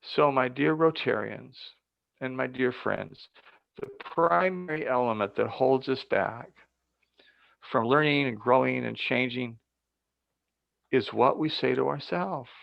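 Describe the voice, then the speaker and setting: A man's voice: mid-range voice, measured pace, creaky, no echo. An older man speaking as a guest speaker, giving an earnest, emphatic motivational talk with stories over a video call. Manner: earnest, emphatic and building up to points. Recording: dull lo-fi dry audio.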